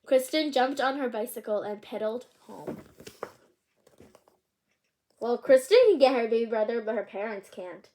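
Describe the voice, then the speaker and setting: A woman reads a picture book aloud, pausing for chatty, curious remarks about the pictures. Her voice sits a bit high, and she moves easily between the story and her asides. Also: warm tone, slight background noise. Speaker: channel host reading a picture book aloud.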